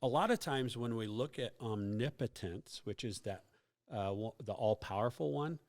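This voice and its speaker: A man's voice: mid-range voice, expressive, normal speed. A man hosting a casual youth ministry podcast, explaining faith questions in a teacherly way with many fillers and joking asides.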